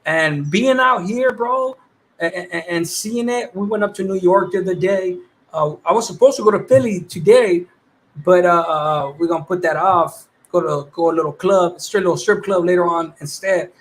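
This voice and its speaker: High-voiced laid-back young man. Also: moderate pace, fairly bright tone. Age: 20s. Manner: laid-back slangy talk, laughs often. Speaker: livestream host. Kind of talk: casual livestream chat.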